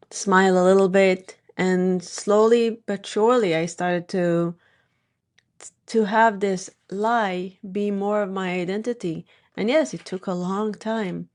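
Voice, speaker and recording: A woman's voice: lowish voice, darkish tone. A woman hosting a podcast interview, a hypnotherapist who talks earnestly and shares personal stories, stressing points through repetition. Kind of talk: casual interview talk.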